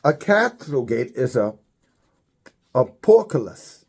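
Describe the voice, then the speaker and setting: A man preaching a religious commentary, halting and repeating words, his voice climbing high when he stresses a point. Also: sing-song, gravelly, darkish tone, husky.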